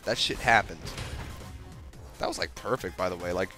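A young man hosting his gaming video, giving profane, excitable commentary with sudden yelps while he plays. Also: low-pitched, normal speed. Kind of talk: profane live gameplay commentary. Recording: game music behind voice.

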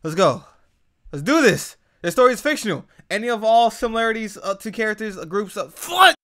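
A man hosting a gaming channel, giving excited let's-play commentary full of slangy banter and loud outbursts. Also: sits high, a little fast. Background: game music.

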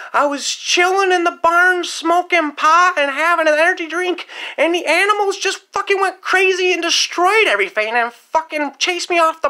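Woman performing a paranoid stoner farmhand; high, bright, rambling and profane comedy monologue. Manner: rambling, repeats "man" constantly, swears often. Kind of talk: comedic story-time monologue.

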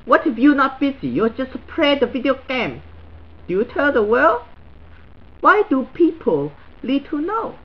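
A man's voice: very high-pitched, big pitch swings, unhurried, highs cut off, heavily acted. A man doing a crude Chinese guy with a heavy ranting style. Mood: grumbling. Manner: broken English, crude and blunt, stuttering repeats. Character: crude, blunt middle-aged Chinese man, new to social media. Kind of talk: comedic character monologue.

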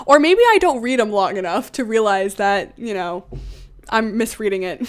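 A woman's voice: medium pitch, expressive. A young woman streaming a game live, chatting casually in a giggly, bubbly way and answering her chat. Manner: usually talks fast. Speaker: game livestreamer. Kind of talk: casual livestream chat while gaming.

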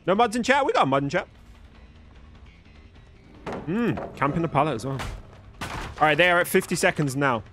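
A young man live-streaming a game, chatting with viewers in an animated, swearing, playful way. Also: fairly high pitch, moderate pace, long pauses, soft background music. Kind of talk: live stream commentary and chat.

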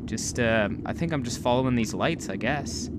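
A young man giving live gameplay commentary, talking to himself, excitable and swearing often. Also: medium pitch, moderate pace, heavy background noise. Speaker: gaming video host.

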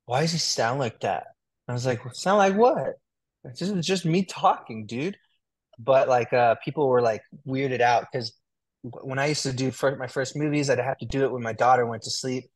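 A man's voice: mid-range voice, normal speed. Laid-back talkative man. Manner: relaxed, talkative, fillers like "like" and "dude". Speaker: guest. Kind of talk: casual interview.

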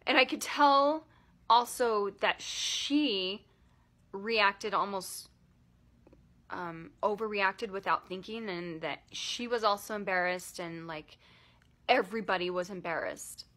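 A woman in her thirties telling a personal story in a vlog, emotional and halting, close to tears, with many fillers. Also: mid-range voice, a bit bright. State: tearful. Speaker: vlogger.

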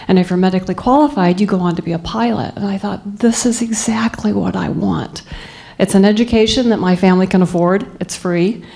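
Mellow-voiced woman telling a motivational story. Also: medium pitch. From Southeast Texas. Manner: storytelling, earnest and emphatic. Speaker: guest speaker. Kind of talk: motivational speech to students.

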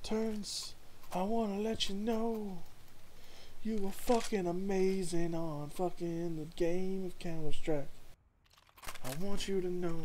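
Woman caster, theatrical and foul-mouthed play-by-play, slow delivery. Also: on the low side, a little hiss or hum. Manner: theatrical, swinging from hushed murmurs to shouting; profane and rambling. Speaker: match caster. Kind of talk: play-by-play esports commentary.

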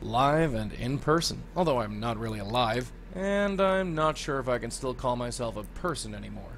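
A man's voice: mid-range voice, animated, normal speed, creaky, slight background noise. An actor voicing a wisecracking 1930s male ghost guide in a video game, with tough-guy patter and a New York accent.

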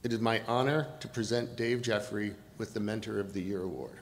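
A man giving a prepared award presentation in a measured, formal way. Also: fairly low pitch, big-room sound, a little hiss or hum.

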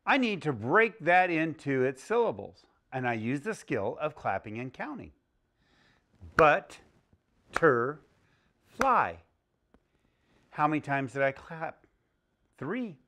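A man teaching young children a phonics lesson, speaking slowly and clearly with an exaggerated teaching delivery. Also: a little high, very animated, a bit bright. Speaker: early-learning teacher.

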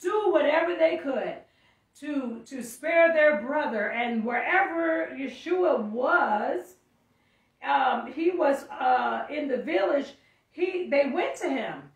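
A woman's voice: high-pitched, expressive, slow pace. A woman teaching a sermon, reading scripture aloud and stopping to explain it, often calling out. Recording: echoey room, mic far off.

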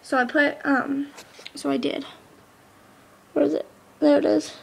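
A woman's voice: high voice, little pitch movement, measured pace, creaky, darkish tone. A seventeen-year-old girl vlogging at home on a laptop mic, bubbly and rambling, full of "like". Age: teen. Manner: bubbly, chatty, rambling with lots of "like". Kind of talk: casual vlog chat.

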